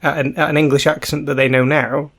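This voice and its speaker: A man's voice: fairly high pitch, flat delivery, fast, fairly bright tone. A man discussing folk music on a podcast, often restarting and repeating words as he works toward his point.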